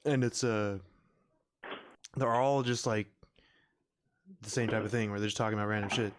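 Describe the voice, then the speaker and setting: A man's voice: fairly low pitch, fairly even intonation, moderate pace, smooth. A man hosting a podcast in casual chat, rambling and full of fillers, laughing often. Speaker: podcast host. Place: podcast recording room.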